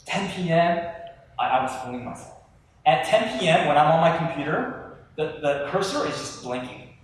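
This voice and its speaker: A male pastor preaching a sermon to a live audience, animated and chatty, talking straight to the crowd. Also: on the high side, moderate pace, a little hiss or hum. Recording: echoey hall from far off.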